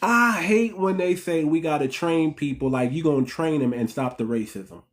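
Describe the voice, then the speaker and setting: A channel host in an impassioned commentary monologue, with a voice of middling pitch. The delivery is heated and repetitive, full of emphatic restarts. The host keeps putting rhetorical questions to the viewers and calls them family. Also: moderate pace, few pauses.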